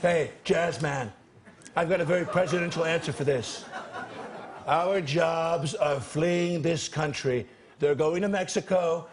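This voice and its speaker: Guy doing a pouty bragging old president, kinda high voice, drags words out, noisy tv audio. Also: lightly acted. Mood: boastful. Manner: pouty, boastful, drawn-out phrasing. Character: brash, boastful male president, late middle-aged. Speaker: sketch comedy actor. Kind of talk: sketch comedy impression. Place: TV studio stage with live audience.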